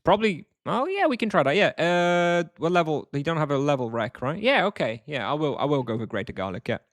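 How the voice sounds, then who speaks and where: A man's voice: a little high, sing-song, brisk, dry recording. A man chatting casually while streaming a game, answering chat in a wry, offhand way.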